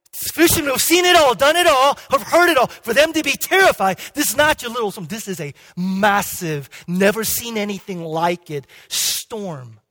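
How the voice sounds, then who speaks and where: A male pastor preaching a sermon with emphatic swings between loud and hushed delivery, and frequent restarts. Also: high-pitched. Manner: frequent restarts and "okay?" checks. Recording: long hall reverb.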